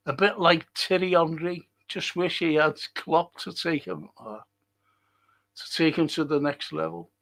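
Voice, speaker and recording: A man's voice: on the high side, a little slow, creaky, a bit bright. A middle-aged man, hosting a casual football livestream and answering viewer comments bluntly, swearing often. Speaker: football podcast host.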